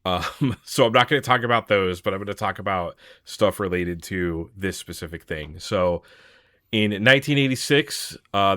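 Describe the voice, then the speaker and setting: A young adult man co-hosting a podcast, chatting with excitement and laughing often. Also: sits low, no echo, clean studio sound. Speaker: podcast co-host. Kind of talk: casual podcast chat.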